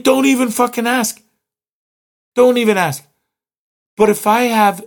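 A man's voice: on the high side, fairly bright tone. Foul-mouthed ranting man. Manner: swearing, exasperated, mimics cashiers mockingly. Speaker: vlogger. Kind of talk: profane rant.

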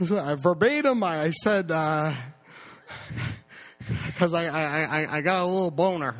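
Stammering storyteller man, slightly high voice. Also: unhurried. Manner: stammering, repeats words, animated impressions. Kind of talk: live personal storytelling.

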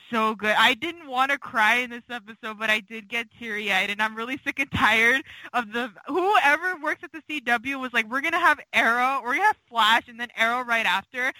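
Woman cohost gushing about a show, super bright voice, dry close sound. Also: a little high, no room sound, low-quality recording. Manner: gushing, emotional, many fillers. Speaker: podcast co-host. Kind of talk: casual fan discussion.

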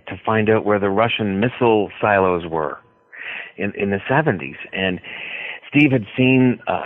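A man being interviewed as an author, talking in a rambling, hesitant way with many pauses. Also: fairly low pitch, no room sound. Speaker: author guest. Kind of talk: radio interview by phone. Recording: tinny phone line.

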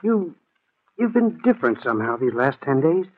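A man's voice: mid-range voice, very animated, moderate pace, husky. A man playing an anxious, stammering husband. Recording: tinny old radio broadcast.

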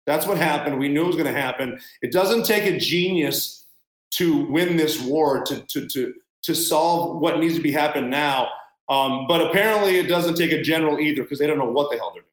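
Blunt ex-military guy rambling sarcastically, kinda high voice, echoey room. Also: normal speed. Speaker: guest, former military. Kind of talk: casual interview talk.

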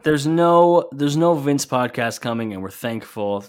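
A man's voice: mid-range voice, lively intonation, measured pace, smooth. A man co-hosting a podcast, recapping an old clip in casual chat and swearing now and then. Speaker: podcast co-host.

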